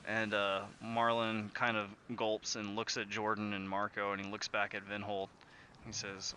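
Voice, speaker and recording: A man narrating a tabletop game as game master, relaxed and full of fillers. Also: fairly low pitch, moderate pace, a little hiss or hum.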